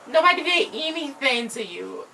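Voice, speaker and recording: A woman's voice: high voice, big pitch swings, moderate pace, gravelly, recorded from a distance, heavy background noise. A woman co-hosting a casual recap chat, jumping in with teasing, playful comments. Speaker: co-host.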